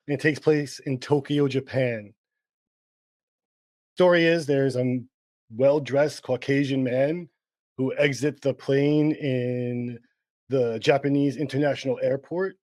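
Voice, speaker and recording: A man's voice: mid-range voice, a little slow, dry recording. A man co-hosting a podcast, telling a story casually from his outline with many fillers and restarts. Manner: relaxed, rambling with many fillers. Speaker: podcast co-host.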